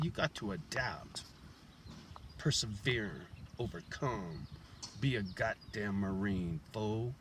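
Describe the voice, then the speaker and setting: A man's voice: on the low side, background noise. A man vlogging outside his house in a blunt, profane, rambling monologue full of street slang, chewing a toothpick as he talks. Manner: chewing a toothpick while talking. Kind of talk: casual rambling monologue to camera. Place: outside his house while it is being shown.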